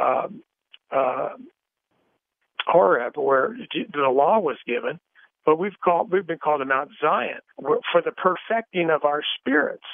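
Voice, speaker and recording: An older man recounts his life story in loose, casual speech, stumbling and restarting as he goes. His voice sits a little high. It comes through a dry, tinny phone line with no room sound at all. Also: vocal fry, dry recording. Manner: rambling with many fillers and restarts. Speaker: guest speaker on a Christian radio show.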